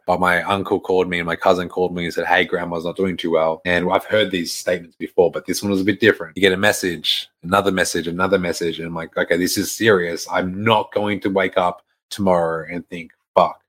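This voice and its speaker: Young male storyteller, very low voice, blunt and chatty, swears a lot. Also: fairly bright tone. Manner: frank and conversational, swears freely, laughs between lines. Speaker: fitness coach sharing a personal story. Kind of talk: casual storytelling to camera.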